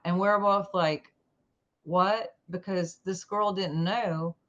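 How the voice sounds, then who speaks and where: A woman guest in an interview telling a personal story in an animated way, acting out the lines of the people in it. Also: fairly low pitch, slow pace, highs cut off, slight background noise. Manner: animated, acts out quoted dialogue.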